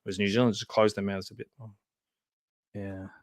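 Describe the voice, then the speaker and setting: A man's voice: lowish voice, little pitch movement, brisk, no room sound, clean studio sound. A man hosting a casual live film commentary from home, chatty and often laughing. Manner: chatty, laughs often, loose aside-filled talk. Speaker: host.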